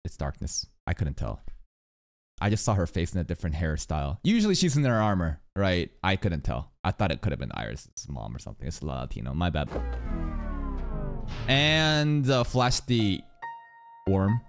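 A man giving casual, profane reaction commentary on an anime episode, with sudden shouted outbursts. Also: low voice, sing-song, moderate pace, soft background music.

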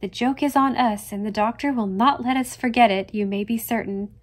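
A woman voicing a loving, gentle young mother in a storybook reading. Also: fairly high pitch, a little fast, lightly acted. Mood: tender.

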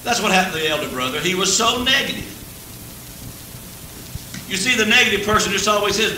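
Man, preacher, folksy revival sermon, humorous, high ringing voice, echoey church taped from afar. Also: fast, pauses often, pushed and bright. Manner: folksy, humorous, chuckles often, builds to fervent peaks. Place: church service. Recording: old echoey church tape from a distance, faint hiss.

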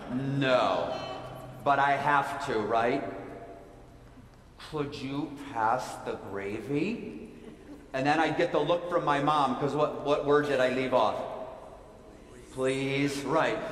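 A man's voice: fairly high pitch, slight background noise. A man giving a playful children's sermon, asking his listeners lots of questions. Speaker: pastor. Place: church sanctuary. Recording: echoey church hall with long reverb.

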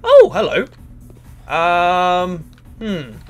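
A man commentating a game, fairly high in pitch and swinging widely as he reacts. His talk is excitable and crude, and he keeps addressing the characters on screen. Faint music plays behind him. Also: extremely slow. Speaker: gaming channel host. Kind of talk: let's play commentary.

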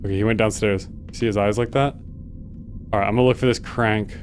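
A man playing a horror video game and commenting as he goes, yelping and laughing at the scares and muttering quietly in between. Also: steady tone, a little fast. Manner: jumpy, yelps and laughs at scares, then mutters low. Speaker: gaming video host. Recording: faint game music behind.

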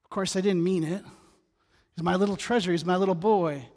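A middle-aged male pastor delivers a sermon in a high voice, breaking into joking asides and a personal story. His words ring out with a long reverb from the church sanctuary. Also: fairly even intonation, brisk, darkish tone. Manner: conversational, humorous asides, storytelling.

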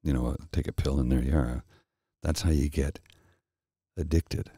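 A middle-aged man hosting a soft-spoken ASMR chat, telling a rambling story slowly and with restarts, close to the mic. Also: rumbling low, fairly even intonation, husky, no room sound. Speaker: host.

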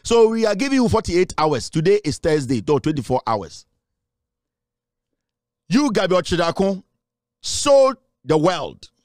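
High, lively Ghanaian man taunting. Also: no room sound, studio quality. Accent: Ghanaian English. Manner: mocking, taunting, switches into Twi. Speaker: online commentator. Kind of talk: ranting commentary.

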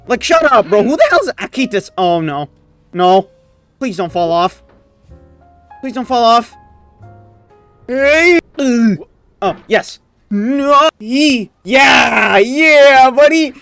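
A gaming YouTuber giving let's play commentary, raging and swinging between sudden yelps and low muttering. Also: lively intonation, slow, long pauses, a bit bright, dry recording, faint music behind.

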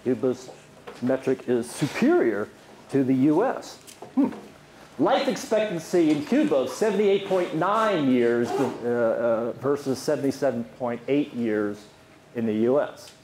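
The speaker is a man at medium pitch with a darkish tone, lively intonation, and a measured pace, lecturing on economics at a university. He questions the audience and fills his speech with fillers, captured in an echoey hall with faint noise.

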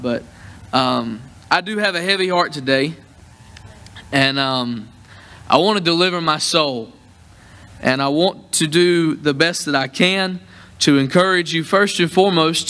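A young man with a drawl preaching from the pulpit, trading jokes and folksy asides with his congregation. His voice sits a little high and rings bright and forceful. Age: young adult. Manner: joking, folksy and warm with the congregation. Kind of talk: sermon at a church convention.

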